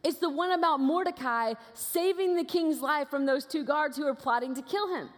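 A woman guest preacher giving a sermon as lively, conversational storytelling in a church auditorium. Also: high voice, normal speed. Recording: long reverb of a large hall.

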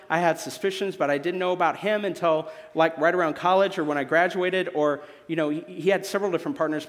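A young adult man from Missouri preaching a sermon as a guest speaker, animated and joking with the congregation. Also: fairly high pitch, long reverb tail. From Missouri, USA. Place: church sanctuary.

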